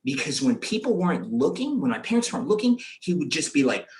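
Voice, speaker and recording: A man tells a comic story from his own life. He is animated, jumping into his younger self's inner voice with lively asides. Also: a little high, fast talker.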